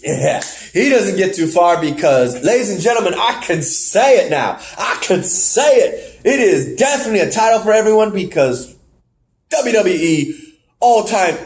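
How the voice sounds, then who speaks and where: A man's voice: high-pitched, sing-song, unhurried, soft background music. A man co-hosting a podcast, rambling through a casual play-by-play recap with fillers and laughs. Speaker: podcast co-host. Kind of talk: casual wrestling recap chat.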